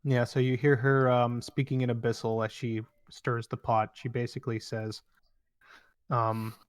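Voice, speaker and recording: A man's voice: mid-range voice, little pitch movement, moderate pace, clear, resonant tone, no room sound. Young man rambling as game master. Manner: loose, rambling narration with fillers. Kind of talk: narrating a tabletop game.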